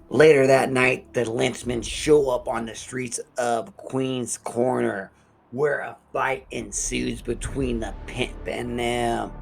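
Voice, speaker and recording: A man's voice: medium pitch, steady tone, slow, creaky, slight background noise. A man hosting a horror review show, recapping an episode in a casual, profane storytelling way.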